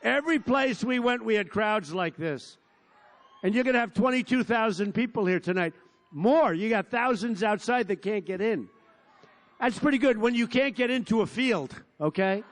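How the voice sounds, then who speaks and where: A man in his seventies giving a rambling, boastful campaign rally speech at a large outdoor field, repeating himself and sometimes shouting. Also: sits high, lively intonation, moderate pace. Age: 70s. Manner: boastful, digressive, repetitive, bursts into shouting. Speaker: politician at a rally.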